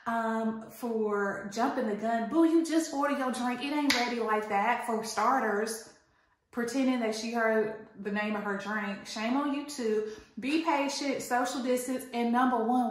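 A woman telling an animated, indignant storytime rant to her viewers. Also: fairly high pitch, unhurried. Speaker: vlogger. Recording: very echoey room.

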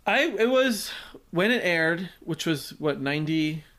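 A man's voice: fairly high pitch, lively intonation, measured pace, fairly bright tone. A man in his forties co-hosting a podcast, chatting casually and rambling through his memories. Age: 40s. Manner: rambling, full of likes and restarts, laughs easily. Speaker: podcast co-host. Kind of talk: casual chat.

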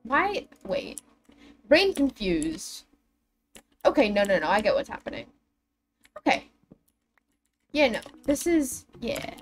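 A woman's voice: a little high, very animated, slow pace, pauses often. A young woman livestreaming a building game, chatting with her viewers in a dramatic, self-mocking way. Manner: chatty, dramatic, self-deprecating, talks to chat. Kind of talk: casual game stream chat. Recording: faint music behind.

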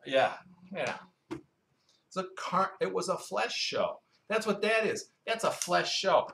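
A man preaching a Bible-teaching sermon in a roomy hall, his voice carrying with a clear echo. He talks conversationally, throws questions at the listeners and often answers them himself, drifting into stories and asides. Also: sits high, big pitch swings, slow, sharp tone, a little hiss or hum. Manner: quizzes the congregation, asks and answers its own questions.

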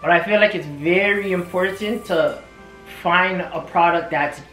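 A young man co-hosts a home vlog, relaxed and chatty as he keeps asking curious questions. His voice rings around an echoey room with faint music playing behind. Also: sits high, a little slow. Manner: curious, asks lots of questions. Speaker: vlog co-host receiving a facial. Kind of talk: casual chat.

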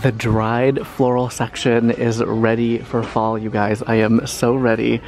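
Chatty young man with gravelly creak. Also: mid-range voice, unhurried. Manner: animated, chatty, with dramatic reactions. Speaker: lifestyle vlogger. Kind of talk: shop-with-me vlog narration. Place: large home decor store.

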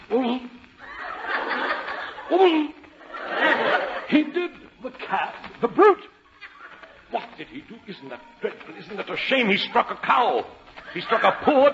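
A man voicing a bumbling posh English sportscaster with a mock English accent in a 1940s radio comedy. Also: high-pitched. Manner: silly, ad-libbing, mugging to the audience. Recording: noisy dull old radio broadcast.

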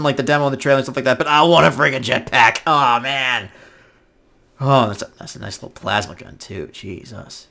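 A man giving casual let's-play commentary, excitable, swinging from mumbling to loud outbursts. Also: mid-range voice, brisk, gravelly. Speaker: gaming YouTuber.

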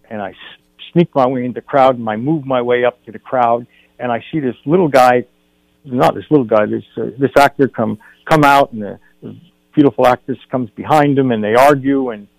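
A man's voice: medium pitch, no room sound, low-quality recording. An older man, a guest film director, telling a story on a radio talk show and acting out the dialogue.

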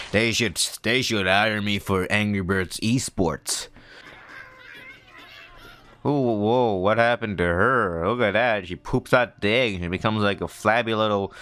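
A man giving excitable let's-play commentary, talking to himself and shouting at the game. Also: lowish voice. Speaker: gamer.

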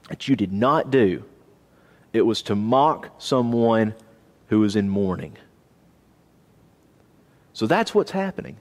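A man teaching a Bible class in a church auditorium, lively and questioning his listeners. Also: medium pitch. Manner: animated, asks the class questions. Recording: long reverb of a church auditorium.

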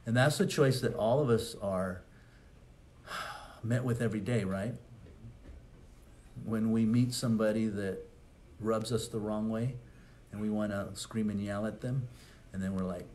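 A man's voice: fairly low pitch, steady tone, measured pace, long pauses, darkish tone, a little hiss or hum. A man, a pastor, preaching a conversational sermon with rhetorical questions and asides.

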